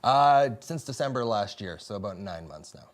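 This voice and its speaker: A man's voice: on the low side, lively intonation, moderate pace. Easygoing man explaining live events. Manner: easygoing, filler-heavy explaining. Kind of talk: casual desk interview.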